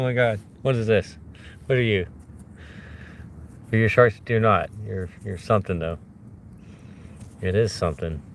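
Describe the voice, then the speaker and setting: A man's voice: on the low side, a little hiss or hum. A man vlogging outdoors on a hillside, talking to his viewers as he searches and bursting into glee over each find. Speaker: vlogger hunting fossils. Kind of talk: casual talk to camera while searching.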